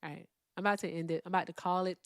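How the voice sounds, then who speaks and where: A woman hosting a live call-in stream, chatting casually and swinging between loud remarks and hushed asides. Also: lowish voice, steady tone, racing, no room sound, clean studio sound. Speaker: livestream host.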